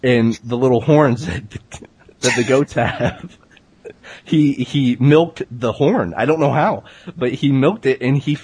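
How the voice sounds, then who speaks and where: A man hosting a casual comedy chat, rambling through deadpan tall tales with lots of hesitant fillers. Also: mid-range voice, slow, slightly rough. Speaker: podcast host.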